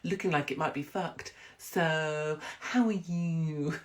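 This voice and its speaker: A woman putting on a mocking impression of a sugary, fake-caring woman TV presenter, drawn out slowly. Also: sits low.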